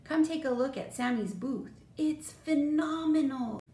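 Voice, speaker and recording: A woman's voice: sits high, measured pace, warm tone, voice pushed up. A woman voicing an eager, clever young girl in a storybook, upbeat and keen. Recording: roomy echo, faint noise.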